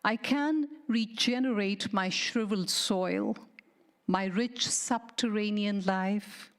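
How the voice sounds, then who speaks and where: A woman poet giving a slow, deliberate, mournful dramatic poetry reading, sometimes dropping to a hushed whisper. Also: fairly high pitch. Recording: studio radio reading.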